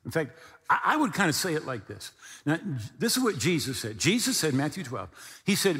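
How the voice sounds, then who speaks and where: Male pastor, sermon delivery, high and very expressive, echoing sanctuary sound. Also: fairly quick. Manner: animated preaching with acted-out dialogue and humor.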